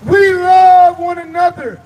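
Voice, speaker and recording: A man shouting a rally speech to a crowd at an outdoor protest at night, drawing out his lines. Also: very high-pitched, fairly even intonation, slow pace, heavy background noise. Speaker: protest speaker.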